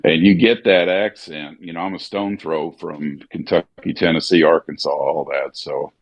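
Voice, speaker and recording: Low-voiced missouri guy, bit southern, chatting easy with lots of ums, kinda muffled audio. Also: normal speed. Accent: Missouri, slightly Southern. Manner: relaxed, musing, many fillers and restarts. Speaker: actor and voiceover artist. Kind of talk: casual chat during a gaming stream.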